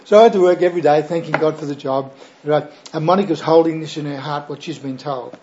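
A man's voice: on the high side, quick pace, lo-fi sound, background noise. An older Australian man, a pastor, telling his personal testimony in a chatty, rambling way with frequent fillers and "right?" tags.

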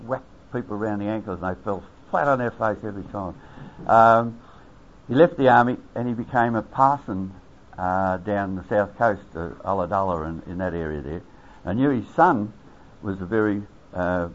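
Older Australian man, low chuckling storyteller. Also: normal speed. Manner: chuckling, acts out quoted voices, lots of fillers. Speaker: army veteran telling an anecdote. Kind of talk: rambling spoken anecdote. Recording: dull lo-fi recording.

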